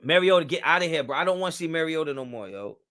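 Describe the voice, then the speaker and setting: Bright-voiced man hosting a loose livestream. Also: a little high, expressive, fast. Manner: loose and slangy, talks back to chat. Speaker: livestream host. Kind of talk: casual live-stream chat reading comments.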